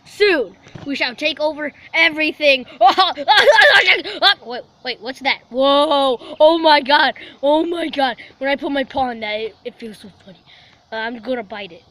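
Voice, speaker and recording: A woman's voice: high-pitched, normal speed, fairly bright tone. A woman voicing a scheming house cat who boasts grandly about ruling the world in a playful home video. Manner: grandiose villain boasting, easily distracted.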